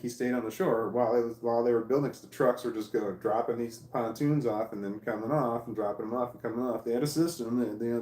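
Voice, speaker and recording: A man's voice: medium pitch, a little mellow. A man casually telling a long rambling story, laughing often and swearing now and then. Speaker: vlogger. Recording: echoey room.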